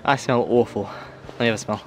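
A man's voice: mid-range voice, fairly even intonation, brisk, soft background music. Breathless young man hiking. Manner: chatty, joking, talks to an absent friend. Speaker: vlogger. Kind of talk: casual hiking vlog talk to camera. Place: outdoors on a steep forest trail. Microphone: handheld camera.

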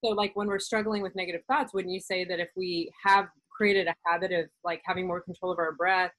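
A woman's voice: on the low side, fairly even intonation, fairly quick, fairly bright tone, dry recording, low-quality recording. A woman hosting a wellness interview, explaining things in a chatty way full of fillers. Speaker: podcast host, doctor. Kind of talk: casual conversational interview.

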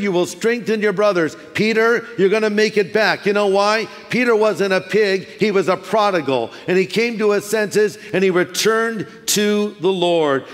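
A man preaching in a large church auditorium, his voice carrying a long hall reverb. He talks in a lively, storytelling way, slipping into funny voices, with a slightly high tone for a man. He has a light Californian accent. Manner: animated, acts out quoted voices with humor. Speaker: pastor. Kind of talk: sermon.

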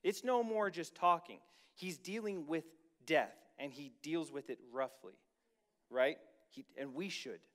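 A man preaching a sermon as pastor, reading scripture and then commenting casually to the congregation, slowing down to stress key lines. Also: on the high side, fairly bright tone.

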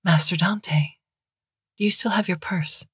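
A woman's voice: lowish voice, measured pace, a bit bright, husky, no room sound, clean studio sound, heavily acted. A woman voicing a tiny oracle creature that lives in a vase, speaking in a faint, metallic, earnest whisper. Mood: urgent.

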